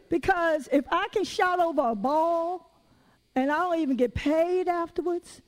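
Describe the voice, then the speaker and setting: A woman with a Southern US accent preaching a sermon in a lively, conversational way with folksy asides. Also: very high voice, unhurried.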